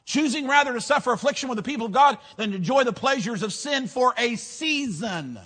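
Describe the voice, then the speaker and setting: A male preacher, delivering a fiery sermon in rhythmic, rhyming bursts and shouting on key lines. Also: very high-pitched, animated, brisk.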